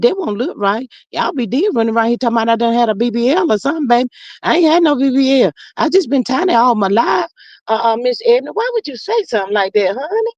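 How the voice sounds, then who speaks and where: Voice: mid-range voice, darkish tone, dry recording, dull audio, lightly acted. A performer playing a sassy gossiping woman persona, reading viewer comments on a livestream and calling everyone honey and child. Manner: dramatic, playfully threatening. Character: sassy gossiping woman persona, Miss Marlene, quick to clap back. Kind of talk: live chat.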